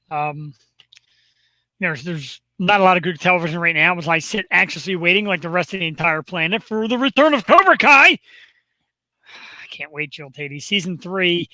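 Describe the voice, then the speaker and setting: Upbeat high-voiced Philly host. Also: male voice, lively intonation, brisk, bright, forceful tone, dry recording, poor audio. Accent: Philadelphia. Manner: upbeat, rambling, self-deprecating. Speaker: podcast host. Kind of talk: casual live webcast chat.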